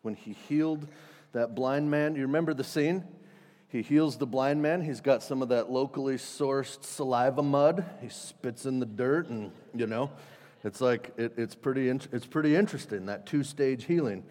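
A man preaching a sermon in a conversational, animated way, acting out quotes with sudden loud and soft turns. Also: mid-range voice, normal speed, big-room sound. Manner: conversational, animated, acts out quotes with shifts in loudness. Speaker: pastor.

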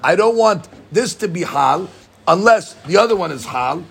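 A man teaching a casual Talmud study lesson. He reads the text off rapidly, then explains it in English, often stumbling and repeating words. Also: high-pitched, animated, gravelly, husky.

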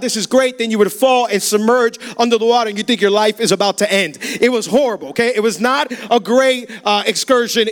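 A young male pastor preaches a sermon, his voice pitched very high. He tells stories with humor and slips into acted-out lines. The talk is animated throughout. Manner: animated, humorous, acts out quotes. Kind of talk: sermon with storytelling. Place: church sanctuary.

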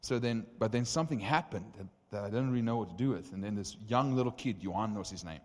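A young man preaching a testimony sermon, telling stories with lively acted-out dialogue. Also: on the low side, quick pace. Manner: animated, acts out dialogue in stories. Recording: long reverb of a hall.

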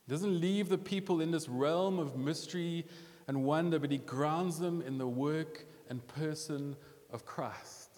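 A man preaching a sermon as a pastor, talking in a conversational, animated way with quick restarts. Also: a little high. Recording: long hall reverb.

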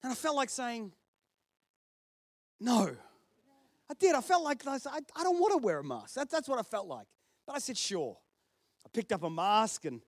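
A high-pitched man with an Australian accent preaches a sermon as a pastor, chatty and storytelling, with self-deprecating humour. The recording is studio quality with no echo.

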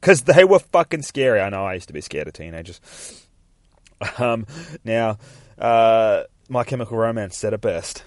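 Low-voiced profane man recapping comics. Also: expressive, moderate pace, no room sound, studio quality. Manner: profane, rambling, laughs often, reads dialogue aloud. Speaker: podcast host. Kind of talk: casual comic book recap.

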